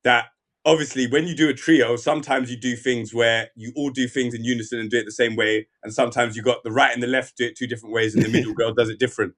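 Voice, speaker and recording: A man's voice: mid-range voice, quick pace. A young man hosting a podcast, chatting casually and acting out lines from scenes as he retells them. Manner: animated storyteller, acts out quoted lines. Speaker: podcast host. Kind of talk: casual chat.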